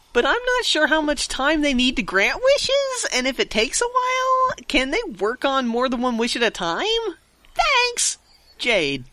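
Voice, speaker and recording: A woman's voice: high-pitched, huge pitch swings, slow pace, pauses often, bright, forceful tone, no room sound, exaggerated voice. A woman voicing a gothic female forum poster in a put-on British accent, reading aloud with giggles. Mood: chirpy.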